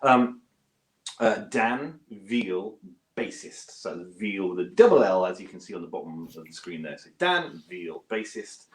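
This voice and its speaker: Chatty British man in a roomy room. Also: measured pace. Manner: chatty and self-deprecating, with lively pitch jumps. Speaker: guest bass player and gear reviewer. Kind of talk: casual interview chat. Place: home studio. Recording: roomy echo.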